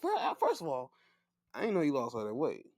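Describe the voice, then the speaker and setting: Man, casual sports talk, swooping lively voice, dry close sound. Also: mid-range voice, fairly quick, no echo. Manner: animated, laughing, slangy, profane. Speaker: podcast host.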